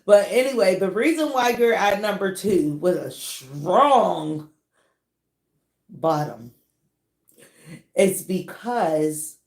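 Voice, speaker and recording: A woman with a lilt talks through celebrity gossip in a loose, animated way, laughing often. She stretches out her words at an unhurried pace. Her voice rings in a noticeably echoey room. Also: on the low side. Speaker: celebrity gossip channel host. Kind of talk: casual commentary.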